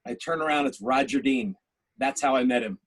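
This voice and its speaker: A man's voice: medium pitch, steady tone, fairly quick, background noise. A man, a festival co-founder, telling stories about himself in a casual, easygoing, self-deprecating way. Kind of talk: casual anecdotal storytelling.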